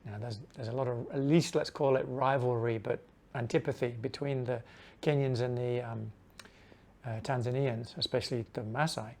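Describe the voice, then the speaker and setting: A middle-aged man casually telling a travel story, animated, dropping to a hush when he acts out the dialogue. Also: medium pitch, moderate pace, gravelly.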